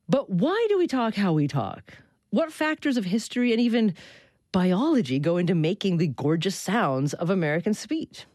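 A woman hosting a public radio talk show, articulate and measured, introducing callers and a guest. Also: deep voice, a little mellow, no echo, studio quality. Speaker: radio host.

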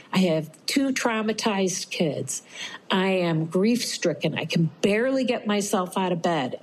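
A woman's voice: lowish voice, slight background noise, poor audio. A middle-aged woman telling a personal story to an interviewer, acting out what others said. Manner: animated, acts out quoted voices.

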